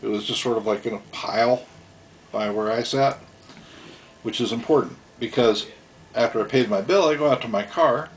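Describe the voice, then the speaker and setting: A man's voice: medium pitch, moderate pace, a little hiss or hum. A middle-aged man casually telling stories from his youth at home, rambling and chuckling as he acts out voices. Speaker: storyteller. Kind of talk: casual storytelling.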